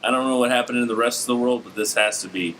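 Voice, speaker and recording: A man's voice: medium pitch, quick pace, a bit bright, a little hiss or hum, low-quality recording. A man from West Virginia chatting casually as a podcast guest and comedian, joking and laughing often. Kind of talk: casual chat.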